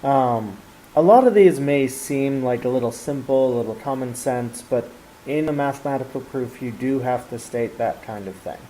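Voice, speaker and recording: A man's voice: medium pitch, moderate pace, mellow, slight background noise, low-quality recording. A man explaining a geometry lesson step by step, with fillers and restarts. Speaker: math teacher.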